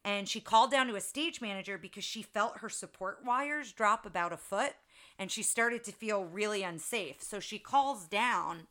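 Woman, podcast co-host, casual chat, bright clear tone, rambling storyteller. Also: medium pitch, moderate pace. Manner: chatty storytelling with fillers. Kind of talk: casual film-trivia chat.

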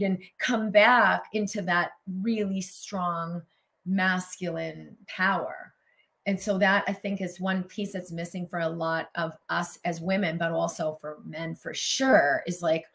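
Woman co-host, low-pitched, emotive, effusive and flowing in casual talk. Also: fairly even intonation, measured pace, creaky, a bit bright. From United States. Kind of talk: casual conversation.

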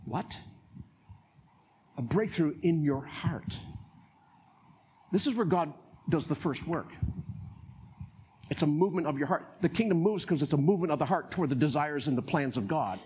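A man with a North Carolina accent preaching a sermon as pastor, animated, laughing often and acting out voices. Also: on the high side, normal speed, pauses often, slight background noise.

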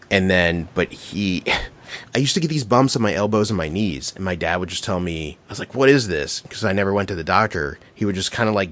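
A middle-aged man, a podcast co-host, telling stories in a casual, profane, laughing way. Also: deep voice. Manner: animated, profane, laughing storyteller. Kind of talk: casual storytelling chat.

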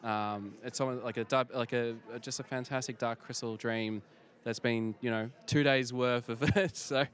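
A man's voice: mid-range voice, steady tone, a bit bright. A male interviewer caught on the spot at an outdoor fan convention. He speaks casually in a mid-range voice, stumbling and restarting as he gathers his words. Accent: non-local accent. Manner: halting, many restarts and fillers.

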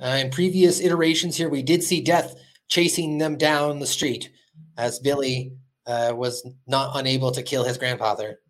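A podcast host with a mid-range voice and steady tone speaks at a moderate pace. He animatedly retells a cartoon episode in a loose, casual chat full of fillers.

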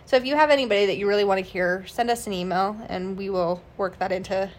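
A woman's voice: medium pitch, fast talker. A woman hosting a podcast, narrating a true crime case casually from her notes, with fillers and restarts. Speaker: podcast host.

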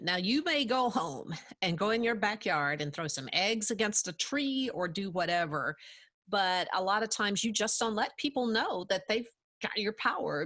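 A middle-aged woman, a podcast guest, giving measured advice in a casual interview and laughing easily. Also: medium pitch, fairly bright tone.

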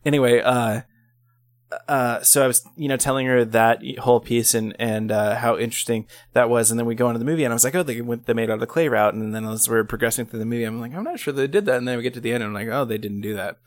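A man's voice: mid-range voice, fairly even intonation, fast, dry recording. A man in his thirties co-hosting a casual movie review podcast, rambling and correcting himself with frequent ums. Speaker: podcast co-host.

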